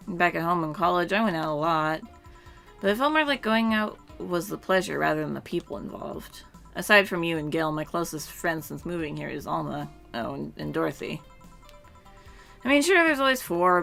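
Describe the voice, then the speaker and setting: A woman's voice: lowish voice, expressive, normal speed, gravelly, fairly bright tone, soft background music. A woman reading the lines of a teasing, blunt young bartender from a game aloud, in a slurred drunk voice. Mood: musing.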